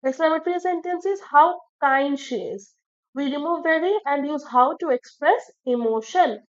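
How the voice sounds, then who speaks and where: A woman's voice: high-pitched, lively intonation, moderate pace, highs cut off. A woman teaching an English grammar lesson, explaining step by step and checking in with "okay" as she goes.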